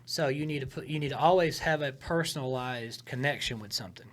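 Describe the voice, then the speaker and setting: A man in casual podcast talk, coaching comedy writing in an emphatic, animated way, shifting his tone for effect. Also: medium pitch, fairly quick. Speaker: comedian giving writing advice.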